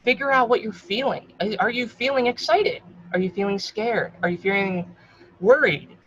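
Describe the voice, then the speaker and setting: A woman in her thirties talking frankly to camera in a casual advice vlog. She is warmly encouraging, swears freely and calls the viewer hun. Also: on the high side, normal speed, a little hiss or hum. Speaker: vlogger. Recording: slightly dull lo-fi recording.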